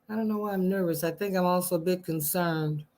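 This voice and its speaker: A woman hosting her own channel, singing slow jazz ballads a cappella at home and chatting to viewers between songs. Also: on the low side, dark tone. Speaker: channel host and singer. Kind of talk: a cappella singing with casual chat.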